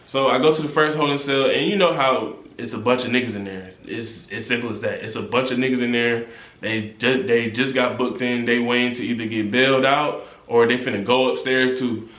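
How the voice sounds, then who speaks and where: A young man in casual storytime, telling his story in animated street slang and rising high when indignant. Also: brisk, reverberant. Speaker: vlogger.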